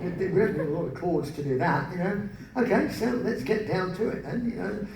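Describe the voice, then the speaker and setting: Animated man telling stories on stage. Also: high-pitched, brisk, creaky. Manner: animated, self-mocking, bursts into song. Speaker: spoken word performer. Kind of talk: live comic storytelling on stage. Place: large live venue. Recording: echoey hall, distant mic, background noise.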